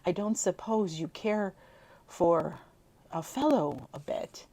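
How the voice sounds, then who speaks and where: A woman's voice: on the low side, expressive, slow pace, dark tone, heavily acted. A woman reading aloud, voicing a moody young man who fumbles for words with the girl he loves. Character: gloomy, tongue-tied young man in love.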